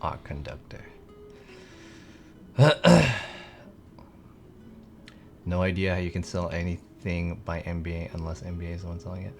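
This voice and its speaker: Low-voiced rambling male streamer. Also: moderate pace, vocal fry, long pauses, faint music behind. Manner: rambling, heavy on "like" fillers. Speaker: live streamer. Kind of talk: casual chat with viewers.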